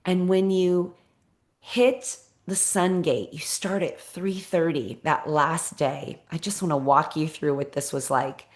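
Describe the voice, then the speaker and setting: A woman's voice: deep voice, fairly even intonation, slow. A middle-aged woman podcast host telling a personal story in an earnest, encouraging way, stressing points by repeating them. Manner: earnest, encouraging, emphatic with repetition.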